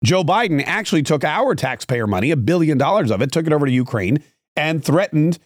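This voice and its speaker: A man's voice: on the high side, expressive, fairly quick, dry recording, clean studio sound. A man hosting a political podcast, giving sarcastic, rambling opinion commentary with frequent restarts.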